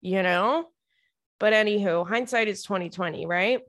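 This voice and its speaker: A young woman tells funny stories to camera in a mid-range, fairly bright voice at a moderate pace. Chatty and profane, she laughs a lot and keeps addressing her listeners as "girl", with plenty of "like" mixed in.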